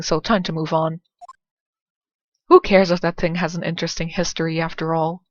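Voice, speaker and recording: A woman giving casual, dry, sarcastic commentary while playing through a game and reading its dialogue. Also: on the low side. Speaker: let's play narrator.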